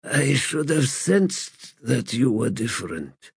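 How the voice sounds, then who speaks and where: A man's voice: mid-range voice, sing-song, no room sound, pitched above the performer's own voice, exaggerated voice. A man voicing a frail, chained, broken god. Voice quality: frail, breathy. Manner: slow, pleading, halting.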